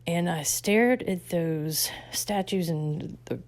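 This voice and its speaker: A woman telling her life story on a vlog, halting and heartfelt, with many restarts and soft whispered stretches. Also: fairly low pitch. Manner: halting, full of restarts, drops to soft whispers at tender moments. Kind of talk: emotional personal storytelling.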